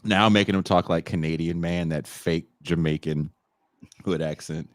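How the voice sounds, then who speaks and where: A man co-hosting a casual podcast chat, reacting to a clip with loud laughs and profane jokes. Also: low voice, normal speed, no echo. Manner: animated, laughing often, profane, slips into mocking voices. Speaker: podcast co-host.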